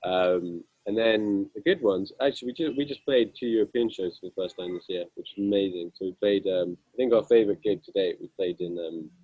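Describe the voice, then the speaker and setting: A young man with a deep, husky voice tells rambling, self-mocking stories about his band's gigs. He is heard up close with a dry sound and no room echo. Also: a little fast, few pauses, narrow, tinny audio. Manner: self-deprecating, amused, rambling with many fillers. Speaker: guitarist guest. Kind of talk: casual interview storytelling.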